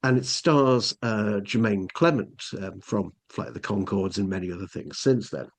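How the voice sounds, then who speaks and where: A man's voice: fairly low pitch, normal speed. Rambling English man telling a story. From England. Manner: rambling, many restarts and fillers. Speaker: podcast guest. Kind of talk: casual storytelling.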